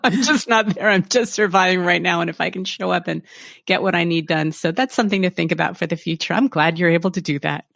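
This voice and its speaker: A woman hosting a podcast interview, reflective and candid, often laughing softly. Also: on the low side, fast, vocal fry, no room sound, studio quality. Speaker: podcast host.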